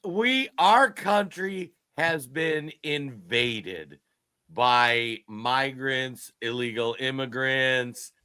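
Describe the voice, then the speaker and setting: A fifty-year-old man co-hosting a casual political podcast, talking in an excitable, joking and emphatic way. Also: medium pitch, very slow, clean tone, dry recording. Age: 50s. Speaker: podcast co-host.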